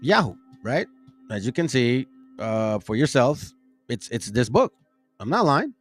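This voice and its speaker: A man's voice: medium pitch, very animated, measured pace, faint music behind. A man hosting a casual livestream chat, talking informally as he pages through a book and insists he is telling the truth. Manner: informal, conversational, insisting he is not lying. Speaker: host showing a book page by page.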